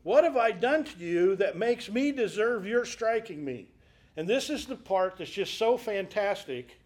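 A man with a notably high voice leads a Bible study group. He talks through scripture like a story, stops to ask the class rhetorical questions, and brightens his voice when quoting the characters. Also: expressive, measured pace.

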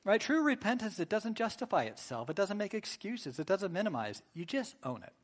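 A man's voice: sits high, sing-song, a little fast. A man preaching a sermon in a conversational way, often checking in with "right?" and acting out sample apologies. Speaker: pastor.

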